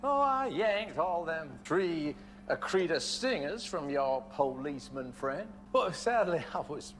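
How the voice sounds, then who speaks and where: An actor playing a scheming, menacing former scholar who talks in a drawling, mocking way, sometimes dropping to a hush. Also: male voice, a little high, unhurried. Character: scheming older male ex-scholar, menacing, folksy. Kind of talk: TV drama acting. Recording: TV clip audio with steady hum.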